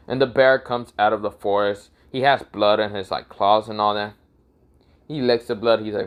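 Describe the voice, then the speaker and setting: A man's voice: on the low side, measured pace, clear, resonant tone. A man casually retelling an improvised fan story, rambling with fillers and correcting himself as he goes.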